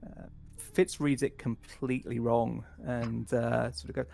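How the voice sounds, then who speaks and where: A man's voice: mid-range voice, level tone, measured pace, vocal fry, dark tone, a little hiss or hum. A man describing his character's actions in a tabletop game.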